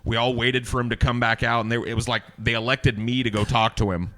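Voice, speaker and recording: A man's voice: mid-range voice, level tone, fairly quick, fairly bright tone. A man hosting a casual podcast chat, telling stories with a lot of profanity and acting out the people he quotes. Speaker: podcast host.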